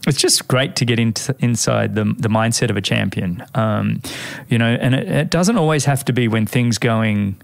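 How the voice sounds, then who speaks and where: A man's voice: mid-range voice, moderate pace, creaky, no room sound. A man hosting a podcast interview in a friendly, chatty way, calling his guest mate. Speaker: podcast host. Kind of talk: casual interview chat.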